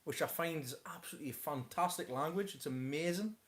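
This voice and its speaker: A man's voice: fairly high pitch, fast. A man hosting a casual live chat from home, rambling with many stammered restarts. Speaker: host of a live stream.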